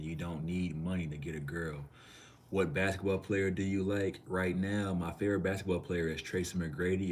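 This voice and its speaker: Deep-voiced laid-back male streamer from Minneapolis. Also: fairly bright tone, a little hiss or hum. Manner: laid-back, slangy, answers chat comments. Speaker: live streamer. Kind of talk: casual live-stream chat.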